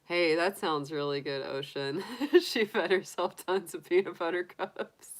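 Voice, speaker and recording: Lady on a livestream cooing baby talk at her bunny, lowish voice. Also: measured pace. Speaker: tarot reader livestream host. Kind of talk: casual livestream chat.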